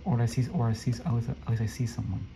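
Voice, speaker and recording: A man commenting casually on his gameplay, excitable and flustered, often talking to the other players. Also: medium pitch, fast, low-quality recording. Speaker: gameplay streamer. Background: faint game music.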